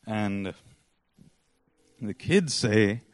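Male preacher, mid pitch, rambling storyteller, dry close sound. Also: animated, drawn-out words, dry recording. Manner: rambling storyteller, many fillers. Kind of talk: sermon.

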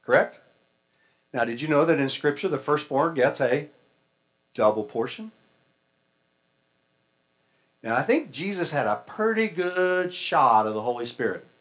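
A man's voice: on the high side, lively intonation, normal speed, a bit bright, low-quality recording. A male preacher giving a sermon in a folksy, conversational and humorous way.

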